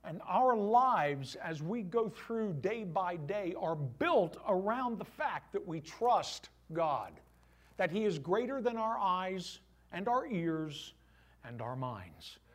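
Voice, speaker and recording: A middle-aged male pastor preaching a sermon to his church, animated, with voiced asides. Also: sits high, slow.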